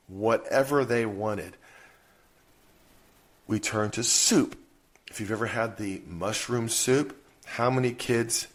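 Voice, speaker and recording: A man's voice: on the low side, gravelly. A man in his thirties hosting a podcast, talking earnestly and conversationally about his family. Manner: earnest, conversational, lists things at length. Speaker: podcast host and father. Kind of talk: casual solo podcast monologue.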